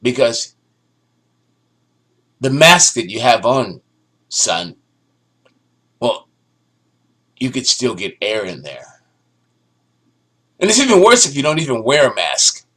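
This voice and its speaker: A man's voice: medium pitch, slow pace, pauses often. A man giving sarcastic, ranting news commentary, often restarting his sentences. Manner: sarcastic, ranting, animated delivery with stammered restarts. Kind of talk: opinionated solo commentary.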